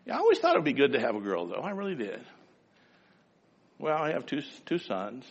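A man preaching a sermon, telling folksy stories and building to fervent, loud exhortation. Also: mid-range voice, wildly swooping pitch, a little fast, creaky, big-room sound, highs cut off.

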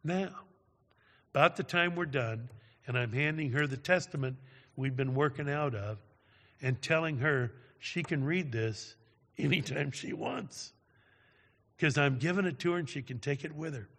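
A man's voice: on the high side, moderate pace, a bit bright. A man preaching, telling a story dramatically and often checking in with "all right?". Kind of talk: sermon storytelling. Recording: long reverb of a large hall.

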